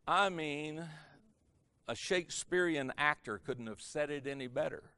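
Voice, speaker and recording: A man preaching as a pastor, telling a story in a sermon and swinging his loudness from hushed to loud for effect. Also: a little high, unhurried. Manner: animated, varies loudness for effect. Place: church or conference hall.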